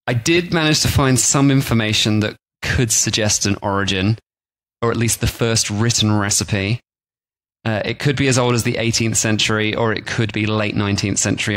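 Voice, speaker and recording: A man's voice: lowish voice, fairly even intonation, moderate pace, vocal fry, a bit bright, no echo. Rambling, joking man. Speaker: podcast co-host. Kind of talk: casual chat.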